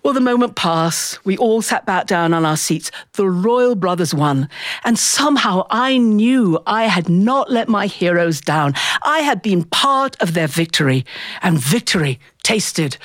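Lively woman telling a personal story. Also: mid-range voice, a little slow, dry recording, studio quality. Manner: lively and expressive, acts out voices in the story.

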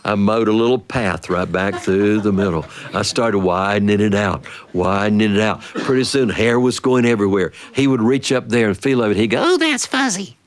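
An older man telling a family story in a folksy, playful, drawn-out way. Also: lowish voice.

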